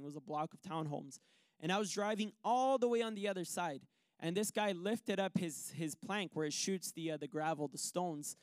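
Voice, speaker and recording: A man preaching a sermon, telling a personal story with lively acted-out quotes. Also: a little high, smooth, no echo, studio quality. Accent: Canadian English. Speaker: pastor.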